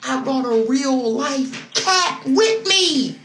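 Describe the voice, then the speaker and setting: A woman's voice: high voice, expressive, slow. Gossipy woman telling a story. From United States. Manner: gossipy, confiding, addresses listener as "girl". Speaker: storyteller on a social video. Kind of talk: casual storytelling. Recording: echoey room with loud noise.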